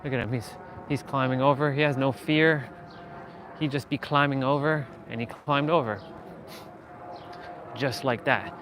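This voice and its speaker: A man's voice: mid-range voice, steady tone, measured pace, pauses often. Motivational vlogger, male, talking emphatically while walking outdoors, faint street noise. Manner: earnest, emphatic, repeats phrases.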